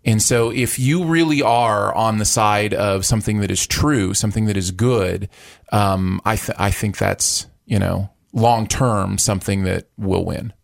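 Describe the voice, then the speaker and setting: A man's voice: lowish voice, measured pace, creaky. Emphatic man podcast co-host. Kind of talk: casual conversation.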